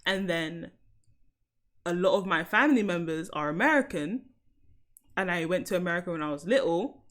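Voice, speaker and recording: A woman's voice: on the low side, moderate pace. A young woman from South London with a London accent, chatting casually on a live stream and laughing often. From South London, England.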